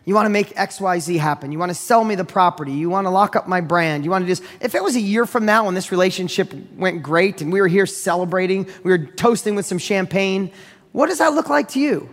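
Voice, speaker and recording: A man giving a motivational business talk, telling a deal story in an energetic, direct, repetitive way. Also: high-pitched, fast talker, big-room sound. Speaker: real estate investor and business speaker.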